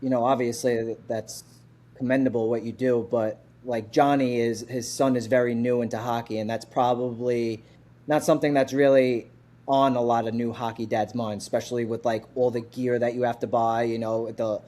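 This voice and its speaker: A man co-hosting a podcast, supportive and quick to agree with his guest. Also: medium pitch, little pitch movement, mellow. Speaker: podcast co-host. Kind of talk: casual podcast conversation.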